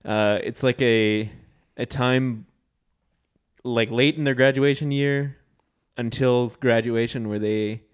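This is a podcast co-host reading listener mail in a relaxed, meandering way. He pauses often and drags out his fillers. His voice is smooth and resonant at a middle pitch. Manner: relaxed, drawn-out hesitations. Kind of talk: casual chat.

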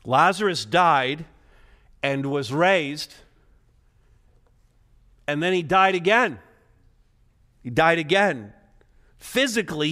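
Male pastor mid-sermon, fairly high voice, dynamic delivery from hushed to urgent. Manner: swings between quiet, low emphasis and rising, urgent intensity. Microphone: preaching to a live congregation, also streamed online.

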